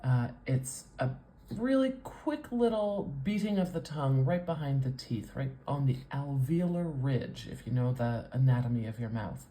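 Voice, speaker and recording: A woman with a North American accent, teaching as a speech coach with patient explanations and drawn-out sound demonstrations. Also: extremely low pitch, lively intonation, mellow. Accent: North American English. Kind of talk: teaching with a whiteboard demo.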